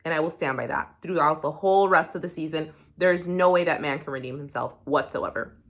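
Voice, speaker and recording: A woman's voice: deep voice, fairly quick. A young woman recapping a reality show, talking bluntly and heatedly and swearing freely. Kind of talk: casual opinionated commentary.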